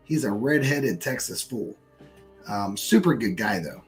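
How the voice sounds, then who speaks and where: A man's voice: lowish voice, measured pace, faint music behind. An American man telling a story in casual, profanity-laced pub chat. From United States. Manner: animated storyteller, swears freely.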